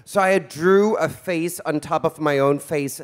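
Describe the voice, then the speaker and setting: A man's voice: fairly high pitch, measured pace. A man in his forties hosting a live event as a drag queen, with flamboyant, theatrical camp banter on stage. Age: 40s. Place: event stage before an audience.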